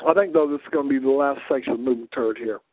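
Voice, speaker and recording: A man's voice: mid-range voice, quick pace, phone-quality sound. A tired man hosting a show, talking in a casual, meandering way with many fillers. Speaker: host. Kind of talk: casual rambling monologue.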